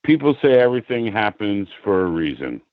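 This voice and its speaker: Joking male caller, low lo-fi voice. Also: sing-song, brisk, no echo. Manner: joking, friendly. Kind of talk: casual call-in chat. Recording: dull lo-fi call audio.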